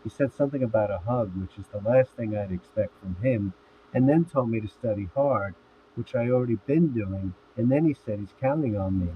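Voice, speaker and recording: A man's voice: on the low side, brisk, natural voice. A man reading the lines of a sarcastic young man in jail, in a dry, plain voice. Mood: wry. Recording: tinny phone-like audio with faint hiss.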